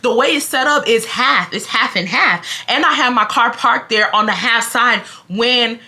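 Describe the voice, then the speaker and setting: A woman's voice: on the high side, normal speed. A woman, telling a dramatic, profane storytime directly to her viewers. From Houston, Texas. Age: 20s. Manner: animated, dramatic, profane, talks straight to viewers. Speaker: storytime vlogger. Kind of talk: casual storytelling.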